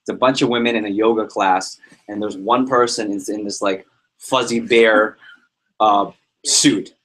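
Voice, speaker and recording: A man leading a sales team meeting, giving an energetic motivational talk full of anecdotes and repetition. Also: on the low side, unhurried. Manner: energetic, repeats himself, tells anecdotes. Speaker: team leader running a sales prep meeting.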